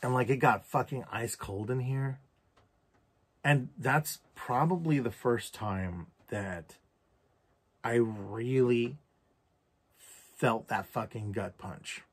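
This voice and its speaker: Man, mid-pitched voice, candid, reflective, casual swearing, personal vlog storytelling. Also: takes it slowly, long pauses, husky. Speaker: vlogger.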